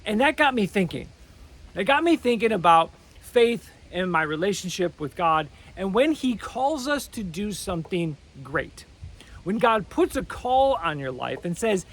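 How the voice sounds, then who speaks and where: Middle-aged guy with a high voice, chatty devotional talk, rambles and restarts a lot. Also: big pitch swings, moderate pace, fairly bright tone. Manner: conversational storytelling with rambling restarts. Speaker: preacher.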